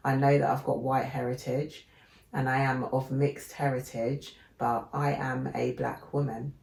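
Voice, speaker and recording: Brief: woman podcast co-host, very low gravelly voice, animated storyteller, roomy echo. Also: a little slow. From England. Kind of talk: casual chat.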